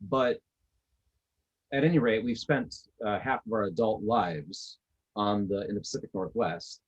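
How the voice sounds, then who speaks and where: A man's voice: fairly low pitch, unhurried, breathy edge, low-quality recording. A man from Wisconsin chatting easily on a podcast, his sentences trailing off. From Northeastern Wisconsin. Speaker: podcast co-host. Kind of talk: casual chat.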